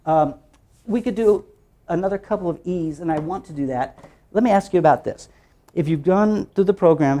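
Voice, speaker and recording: Here a man runs a phonics workshop for teachers. He is lively, shifts pitch fast, and chants through repeated steps, supplying answers to the questions he poses.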